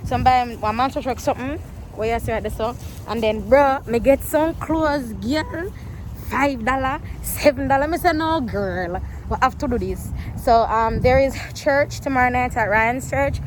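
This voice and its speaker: A woman's voice: high-pitched, a little hiss or hum. Chatty Jamaican woman vlogging on her phone. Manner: chatty, animated storytelling with patois quotes. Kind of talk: casual travel vlog.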